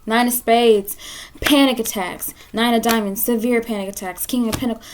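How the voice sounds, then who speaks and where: A woman's voice: fairly high pitch, steady tone, moderate pace, slight background noise. A woman doing a pick-a-card tarot reading, scolding the viewer bluntly with frequent swearing. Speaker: tarot reader.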